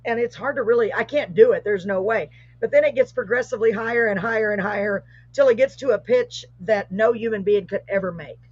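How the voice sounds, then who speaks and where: A middle-aged woman hosts a live show, telling a ghostly story with growing excitement and an animated voice. Her voice is husky and a little breathy. The sound is muffled and lo-fi, like a live stream. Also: on the high side, a little fast, dry recording. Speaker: host. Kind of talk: casual storytelling, paranormal tale.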